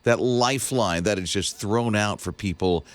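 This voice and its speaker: A man's voice: lowish voice, normal speed, dry recording. A man co-hosting a morning radio show, bantering in an easygoing, teasing way. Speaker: radio co-host. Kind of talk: casual morning show chat. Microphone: studio microphone.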